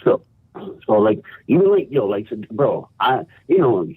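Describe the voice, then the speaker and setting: A man from New York calling in by phone and telling a story in animated slang, often saying "bro" and "yo". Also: fairly low pitch, measured pace, breathy edge, no echo. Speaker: caller. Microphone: phone call. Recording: tinny phone line.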